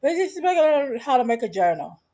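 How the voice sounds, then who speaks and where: A woman's voice: high-pitched, sing-song, a little fast, warm tone. A woman vlogger casually recapping a show, sassy, gossipy and blunt.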